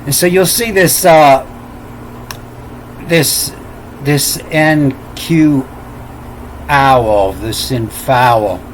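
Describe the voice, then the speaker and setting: A man talks slowly through an unscripted explanation, often stalling and repeating himself before he spells out letters one by one. His pitch is ordinary for a man. A faint hum runs under the voice. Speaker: self-taught lecturer.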